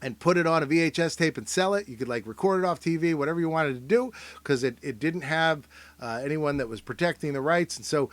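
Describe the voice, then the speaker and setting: A man's voice: on the high side, fast talker, dry recording. Dry-voiced joking man hosting. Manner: rambling, jokey, trailing into mumbles. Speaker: host. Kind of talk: casual comedic commentary.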